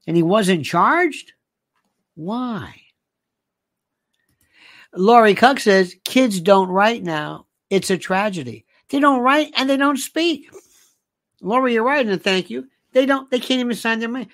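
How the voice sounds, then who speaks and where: An older host giving an animated, indignant monologue, reading listener comments aloud and firing off rhetorical questions. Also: medium pitch, takes it slowly, long pauses, no echo, clean studio sound.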